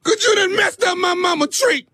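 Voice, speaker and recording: A man on a prank call voicing a distraught grown man who shouts and cries over his mother's damaged tree. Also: very high-pitched, normal speed, no room sound, heavily acted. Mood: wailing indignant. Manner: shouting, blubbering, confrontational. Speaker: radio prank caller.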